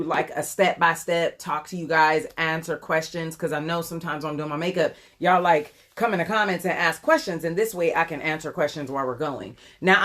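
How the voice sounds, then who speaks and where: This woman, a beauty vlogger in her 40s, has a fairly low, slightly bright voice. Doing a live makeup tutorial on a phone camera, she chats and rambles with frequent ums while responding to viewers.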